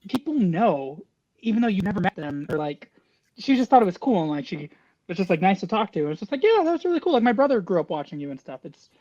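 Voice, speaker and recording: Guy rambling fast on a video call, lots of likes, kinda muffled lo-fi sound. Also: high-pitched, a little mellow. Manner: rambling, lots of "like" and "you know". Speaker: guest actor on a fan panel. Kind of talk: casual panel chat over video call.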